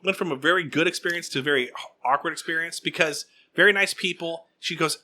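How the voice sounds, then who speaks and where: A young man hosting a podcast, telling an animated story in casual chat and acting out other people's lines. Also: on the high side, fast, few pauses. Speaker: podcast host.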